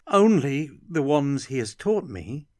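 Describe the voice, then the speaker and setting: A man's voice: mid-range voice, big pitch swings, slow, warm tone, no echo, studio quality, pitched above the performer's own voice. A man voicing an earnest, defiant young female wizard's apprentice who pleads and defends her master. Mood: earnest pleading.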